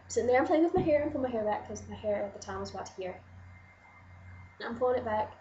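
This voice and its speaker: A young adult woman vlogger telling a story in an excited, rambling way, full of "like". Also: a little high, fast talker, echoey room, muffled recording, slight background noise. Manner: excited, rambling, gushing, lots of "like". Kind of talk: casual storytelling to camera.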